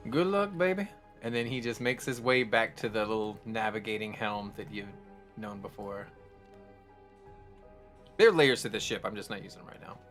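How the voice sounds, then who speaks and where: A man narrating as game master of a tabletop game, relaxed and chuckling between his descriptions. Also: lowish voice, normal speed, pauses often, faint music behind.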